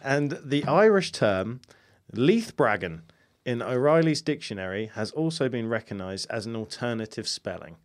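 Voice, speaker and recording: A man's voice: mid-range voice, big pitch swings, moderate pace. Guy podcasting about folklore, bouncy voice, keeps chuckling. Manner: chuckles often, jokey asides. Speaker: podcast host. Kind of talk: casual chat reading folklore notes.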